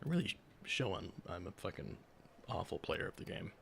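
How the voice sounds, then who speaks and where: Young guy streaming games, kinda low voice, gravelly, rambles and swears at chat. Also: big pitch swings, fairly quick, fairly bright tone, slight background noise. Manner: rambling, sarcastic, swears often. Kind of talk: casual live-stream chat while gaming.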